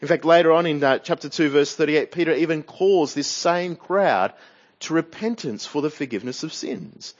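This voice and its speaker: An Australian man preaches a verse-by-verse sermon to a church congregation. His voice sits a little high for a man, and he keeps drawing his listeners in with questions. The recording is dull and lo-fi. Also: normal speed. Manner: expository, asks the congregation questions.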